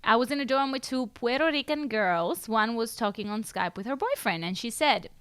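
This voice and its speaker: A woman's voice: fairly high pitch, animated, moderate pace, smooth, no room sound. A woman co-hosting a podcast, reading listener stories aloud and giggling through casual chat. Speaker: podcast co-host.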